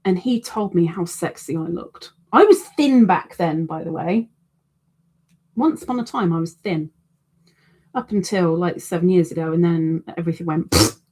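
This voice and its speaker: A woman's voice: fairly low pitch, moderate pace, dark tone, husky. A middle-aged woman hosting a crochet live stream, chatting casually and self-deprecatingly, reading out viewer comments.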